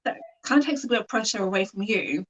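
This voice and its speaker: A woman's voice: mid-range voice, lively intonation, fast. A woman hosting a conversational interview, asking structured questions and giving brief affirmations. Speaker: host. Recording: distant from the mic.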